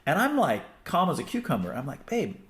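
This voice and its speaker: A man's voice: on the high side, huge pitch swings, fast talker, fairly bright tone. A middle-aged man hosting a podcast, chatting casually with lots of fillers and restarts, acting out what people said. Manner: rambling, many fillers and restarts, acts out quotes. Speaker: podcast host. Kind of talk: casual conversation.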